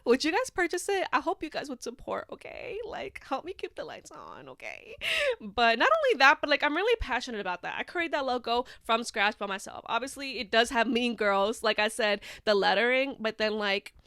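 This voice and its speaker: A woman's voice: a little high, sing-song, fairly quick, creaky, pushed and bright, dry recording, clean studio sound. A young woman hosting a casual podcast, talking in a chatty, rambling way with lots of "like". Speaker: podcast host.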